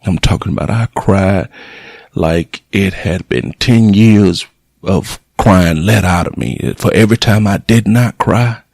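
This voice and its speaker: A man's voice: deep voice, a little slow, vocal fry, a little mellow, no room sound, clean studio sound. A middle-aged man, a radio show host, telling a personal story in a plainspoken, emotional way, blunt and cursing at times.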